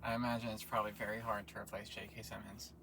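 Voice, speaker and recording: A man's voice: fairly low pitch, level tone, fast, bright, forceful tone, a little hiss or hum. A man in casual chat, co-hosting and teasing his partner with jokes. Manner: teasing, joking. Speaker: co-host.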